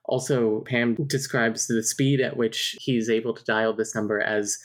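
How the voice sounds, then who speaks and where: A woman's voice: very deep voice, fairly even intonation, a little slow. A woman casually recapping a romance novel on a podcast, reading out messages and passages and laughing often. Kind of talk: casual book recap chat.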